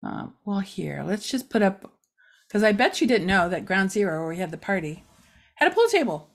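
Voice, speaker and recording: A middle-aged woman hosting a casual community update for a local news site, chatty and rambling with many fillers. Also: mid-range voice.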